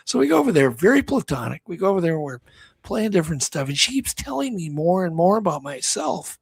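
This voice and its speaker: A man's voice: high voice, very animated, fast, gravelly, husky, no echo. A man co-hosting a talk show, rambling through a story with many restarts and acted-out quotes. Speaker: co-host. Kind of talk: casual storytelling chat.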